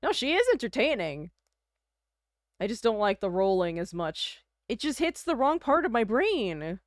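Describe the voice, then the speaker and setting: A young Canadian livestreamer rambles from home in easy, casual chat full of fillers and giggles. Her smooth, resonant voice sits on the high side, very animated at a moderate pace, captured close-miked and very dry with no room sound.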